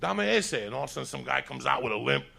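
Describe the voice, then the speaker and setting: A Cuban stand-up comedian races through his set, telling rowdy, profane stories as the audience laughs along in the background. His mid-range voice is gravelly, bright and raspy with vocal fry, and his intonation stays fairly even.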